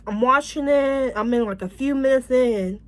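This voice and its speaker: A woman with a voice that sits high reviews a drama at a moderate pace, chatting casually and animatedly, rambling, laughing and swearing a lot along the way.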